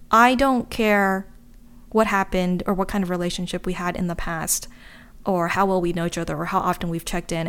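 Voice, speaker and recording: A woman talking candidly to her viewers in a casual, chatty way, wandering off into asides. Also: mid-range voice. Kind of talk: casual chat to camera.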